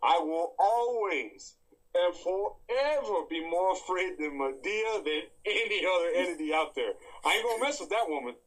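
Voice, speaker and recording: Casting: bright, slightly high male host, animated and jokey. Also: moderate pace, rough recording. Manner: animated, joking, plays to the audience. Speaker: podcast host. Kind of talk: casual chat.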